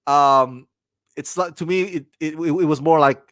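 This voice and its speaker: Animated, rambling male TV reviewer. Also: on the high side, moderate pace, no echo. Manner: rambling and animated, with many restarts and bursts of laughter. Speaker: TV reviewer, channel host. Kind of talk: casual spoken episode review.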